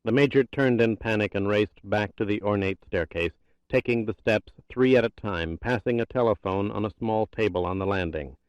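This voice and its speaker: A man reading a thriller audiobook in a tense, steady narration. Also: lowish voice, normal speed, no echo.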